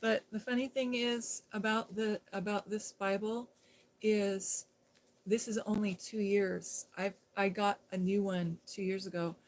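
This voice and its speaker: A woman's voice: mid-range voice, fairly even intonation, measured pace. A middle-aged woman chatting casually with her viewers on a live stream, giggling often and speaking straight to people in the chat, recorded on her phone.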